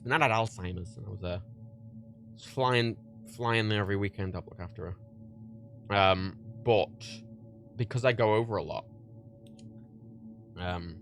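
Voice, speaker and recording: A man's voice: fairly low pitch, normal speed, pauses often, fairly bright tone, faint music behind. A young man from Ireland chatting casually on a livestream while he packs orders, rambling, swearing and laughing at himself. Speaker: livestream host.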